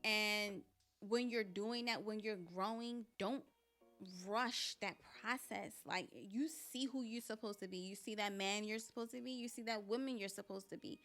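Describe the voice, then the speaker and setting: A woman's voice: medium pitch, moderate pace, a bit bright, soft background music. A young woman hosting her own podcast, talking candidly and preachily straight to her listeners. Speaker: podcast host. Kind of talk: casual motivational monologue.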